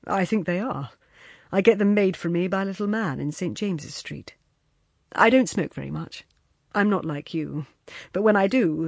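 A woman's voice: fairly low pitch, vocal fry, darkish tone, breathy edge, no echo, clean studio sound, full character voice. A woman reading a wistful, self-assured man. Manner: reminiscing, lightly boastful. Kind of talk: audiobook dialogue reading.

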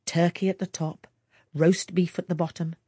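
Husky woman reading a story. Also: on the low side, level tone, normal speed, warm tone, no room sound, studio quality. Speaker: audiobook reader. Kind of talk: scripted narration.

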